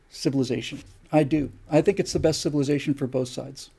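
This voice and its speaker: Gravelly older man lecturing. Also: fairly high pitch, fairly even intonation, fast, mellow. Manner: rhetorical, lecturing, fires off repeated questions. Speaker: live stream host. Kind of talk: opinion monologue on a live stream.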